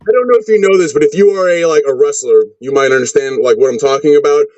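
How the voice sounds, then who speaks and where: A man's voice: on the high side, fast, darkish tone, dry recording. Rambling, foul-mouthed man wrestler. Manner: rambling, swears constantly, restless. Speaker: wrestler, podcast guest. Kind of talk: casual profane interview chat. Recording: dull lo-fi sound.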